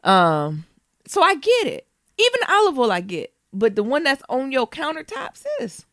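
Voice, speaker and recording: An animated woman trading casual stories on a podcast, laughing often and cursing freely. Her pitch swings widely as she talks. The recording is close and dry. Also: normal speed, no echo. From Detroit, USA. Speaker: podcast co-host. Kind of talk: casual chat.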